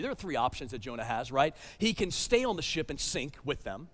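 High-voiced preacher in an echoing hall. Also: male voice, lively intonation, a little fast. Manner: emphatic, swings between loud urgency and hushed tones; repeats words when restarting. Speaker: pastor. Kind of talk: sermon.

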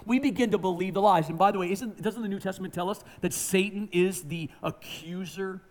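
A man delivers a sermon in a notably high voice. He preaches emphatically, dropping to hushed tones and then rising to near-shouting. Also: a little fast, hardly any pauses. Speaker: pastor.

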